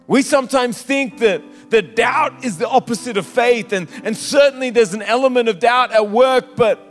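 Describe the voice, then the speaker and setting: A man preaching a sermon in a church, with impassioned, sometimes sung, drawn-out phrases. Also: very high-pitched. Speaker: pastor. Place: church hall. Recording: live church hall with reverb and soft instrumental music. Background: soft instrumental music.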